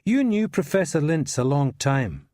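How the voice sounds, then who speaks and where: A man's voice: fairly high pitch, very animated, a little slow, dark tone, no echo. An actor playing a patient male detective who questions a suspect with dry, probing politeness. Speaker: police interrogator.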